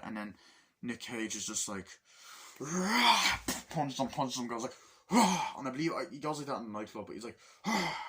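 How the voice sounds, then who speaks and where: A man's voice: mid-range voice, breathy edge. A man giving a casual spoken film review, swearing freely and acting out scenes in sudden outbursts. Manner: profane and excitable, acts out scenes in bursts. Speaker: movie reviewer.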